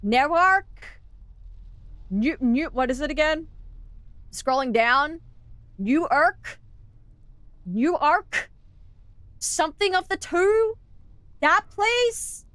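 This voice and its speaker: A woman's voice: high voice, slow pace, a bit bright, dry recording. A young Australian woman streaming a game, chatting playfully with viewers, giggling and sounding out words as she rambles. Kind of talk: casual live-stream chat while gaming.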